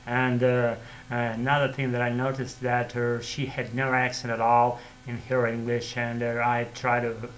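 A man with a Russian accent, a non-native speaker, rambling casually in a vlog with halting phrasing, frequent fillers and restarts. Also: mid-range voice, completely flat delivery, fairly bright tone, slight background noise, poor audio. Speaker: vlogger practicing English.

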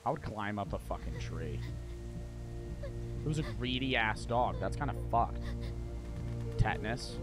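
A young man streaming a game, talking to his chat in a casual, profane, excitable way and breaking into repeated shouted outbursts. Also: on the low side, unhurried, pauses often. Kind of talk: live gameplay commentary. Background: game music.

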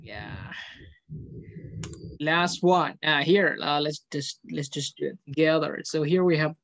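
A man's voice: a little high, slow pace, gravelly, a bit bright. A man with an Indonesian accent teaching an English class over a video call, patiently calling on pupils and explaining grammar step by step. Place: online meeting from home.

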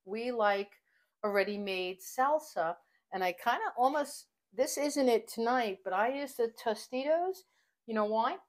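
Speaking a little slowly with a lively, fairly high voice, this cooking channel host is a middle-aged woman running a relaxed home cooking vlog. She chats enthusiastically from her kitchen while passing along tips.

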